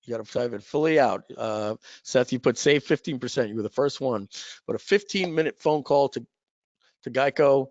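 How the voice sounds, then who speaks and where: A man's voice: medium pitch, moderate pace, no echo, dull audio. A man hosting a live webinar, talking in a chatty sales manner and telling stories with asides. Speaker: webinar host.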